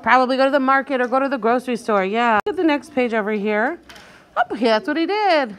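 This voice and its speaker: A woman with a high, bright voice teaches young children to read. She is animated and encouraging, slowing down to sound out each tricky word and prompting her class to read along. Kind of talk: guided reading lesson for young children.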